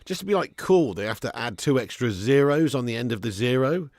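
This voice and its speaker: A man's voice: mid-range voice, animated, fairly quick, hardly any pauses, darkish tone, no echo, clean studio sound. A man hosting a live watch-along stream, chatting casually with viewers, reading out their comments, swearing and laughing often.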